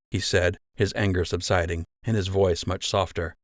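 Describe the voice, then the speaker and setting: A man narrating an audiobook in a steady, measured way on a close mic. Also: low-pitched, dry recording.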